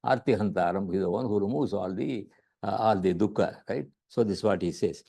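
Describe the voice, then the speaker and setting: A man's voice: on the low side, a little fast, creaky, dark tone. A man with an Indian accent giving a lecture on scripture as a yoga teacher, often repeating words and checking in with "right?".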